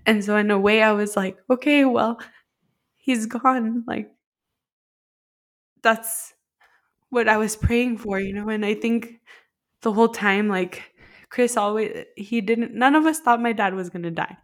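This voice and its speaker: A woman's voice: mid-range voice, unhurried, pauses often. A woman co-hosting a podcast, telling a personal story in a heartfelt, rambling way, full of "like" fillers. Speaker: podcast co-host.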